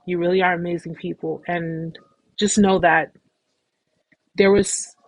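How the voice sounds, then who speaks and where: Woman, husky breathy voice, dry close sound, chatty live-stream host, repeats herself, reassuring. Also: on the low side, level tone, moderate pace, no echo. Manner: warm, effusive, repetitive reassurance; talkative, rambling with restarts. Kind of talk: casual live-stream sign-off talk.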